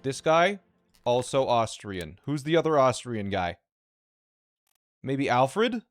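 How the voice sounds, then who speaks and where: A man streaming a puzzle game, thinking aloud in live commentary, excited and quick to repeat himself. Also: mid-range voice, no room sound, soft background music.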